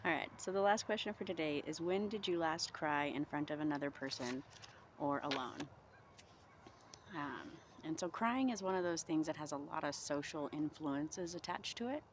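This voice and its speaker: Woman, low voice, chilly outdoors, reflective self-help vlog, gentle encouraging tone. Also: moderate pace, noisy background. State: cold from being outdoors. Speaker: vlogger.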